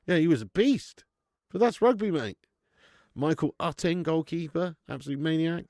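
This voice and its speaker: A man with a gravelly, creaky voice, talking casually through a live football match for his viewers. He banters with viewers and swears freely, close to a dry microphone with no room sound. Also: on the high side, animated, normal speed, darkish tone, no room sound. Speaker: watch-along host. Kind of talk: live football watch-along commentary and chat reading.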